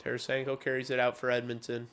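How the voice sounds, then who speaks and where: Here a man live-streams a hockey game, speaking to his audience in a blunt, profane manner and at times breaking into loud rants. He talks fast in a mid-range monotone.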